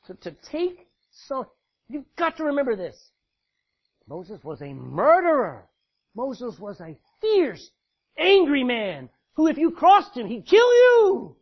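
A man preaching a sermon, dramatic and swinging from loud to hushed as he tells the scripture story. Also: high-pitched, breathy edge, dull audio.

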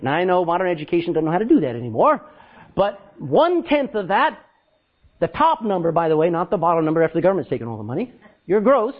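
A man preaching a sermon, telling stories loudly and acting out what people said. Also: high voice, fast talker, highs cut off. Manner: loud, animated preaching with acted-out quotes. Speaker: pastor. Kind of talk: storytelling sermon.

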